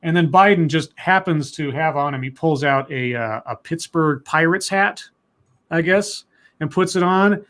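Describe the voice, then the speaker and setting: A man with a fairly high voice hosts a laid-back livestream. He reads news items aloud and wanders off into loose, chatty tangents full of fillers, trailing off mid-thought before picking back up. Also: measured pace, a bit bright. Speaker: co-host reading news stories. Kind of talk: casual livestream chat.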